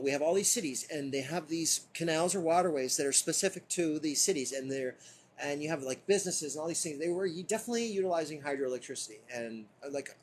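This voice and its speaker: Guy doing a loose live book reading, kinda high voice, swears a lot and keeps going off on tangents. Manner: rambling, profane, laughs often. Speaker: streamer reading a book aloud. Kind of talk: casual live reading with commentary.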